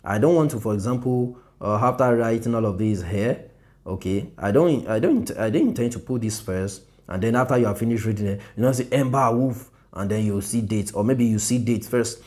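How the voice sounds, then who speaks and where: Man, lowish voice, casual design tutorial, self-correcting, soft laughs, recorded on a phone. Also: fairly quick. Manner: loose, repetitive, self-correcting, laughs softly.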